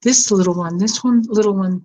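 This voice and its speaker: This older psychotherapist hosting a show has a brisk, dark, mid-range voice, rambling in a tender, emotional way through casual heartfelt chat. The recording sounds dull and lo-fi with faint noise.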